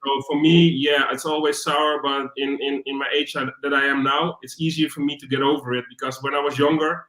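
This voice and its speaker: A man with a Dutch accent, a fan guest on a panel, talking in a halting way and repeating words. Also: mid-range voice, flat delivery, a bit bright. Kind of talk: casual panel discussion. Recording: roomy echo.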